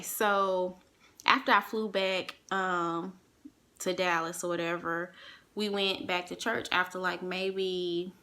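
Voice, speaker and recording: A young woman recounting a personal story straight to her listeners, loose and animated, with a bright, forceful tone. She swears freely, addresses the room directly, and slips into the voices of the people she quotes. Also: fairly low pitch. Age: young adult. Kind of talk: casual storytelling to an audience.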